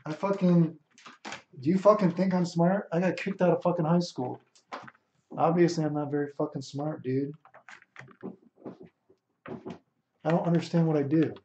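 A man commentates live on a fighting game in a brash, swaggering way, full of swearing and bragging. His voice sits a little high, and the cheap, dull mic picks up an echoey room. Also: unhurried, pauses often, darkish tone, slight background noise. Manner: brash, profane, boastful. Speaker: streamer.

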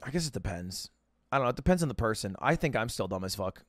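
A man's voice: mid-range voice, expressive, quick pace, no echo. A man chatting casually with the streamer, teasing him in a dry way. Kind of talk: casual chat.

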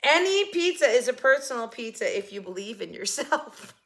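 Older woman vlogger, bright tone, chatty and giggly, casual to-camera talk. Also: on the high side, big pitch swings, moderate pace, a little hiss or hum. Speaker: haul vlogger. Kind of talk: casual haul chat to camera.

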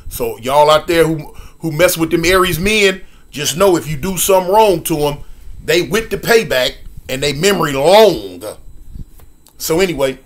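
A man in his sixties from Los Angeles telling a story casually, animated, with sound effects and lots of repetition. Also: fairly high pitch. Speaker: storyteller guest.

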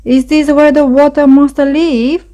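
Tiny nervous boy mouse that a lady does, squeaky, way up high. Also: level tone, measured pace, mellow. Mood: frightened. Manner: anxious, squeaky. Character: small timid young male mouse. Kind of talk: storybook read-aloud.

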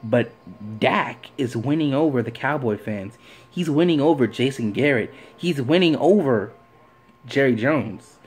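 An animated sports vlogger rants opinionatedly about the game, firing off rhetorical questions and repeating phrases for emphasis. His voice is husky and medium-pitched, and he speaks at an unhurried pace.

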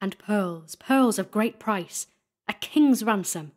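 A woman's voice: mid-range voice, expressive, takes it slowly. A woman voicing a terrified thieving male sexton who babbles and shrieks in panic as he flees. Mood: greedy babbling.

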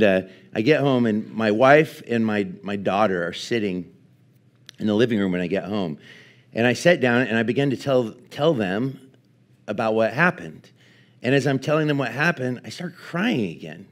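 A pastor in his forties gives a sermon in a lowish male voice. He tells his story in an animated way, laughing often and leaning on casual fillers. When he turns to teaching, he grows quieter and slower.

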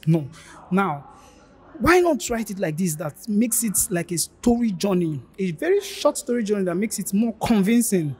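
A man's voice: high-pitched, big pitch swings, normal speed, a little mellow, slightly rough. A man giving informal career advice, emphatic and pleading, repeating his key points. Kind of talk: informal teaching monologue.

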